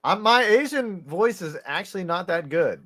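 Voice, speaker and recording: A man with a slightly high voice chats loosely through a baseball game as co-host. He rambles and laughs at his own jokes. The talk drifts between play calls and side jokes. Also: animated, moderate pace, a bit bright. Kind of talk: casual baseball watch-along chat.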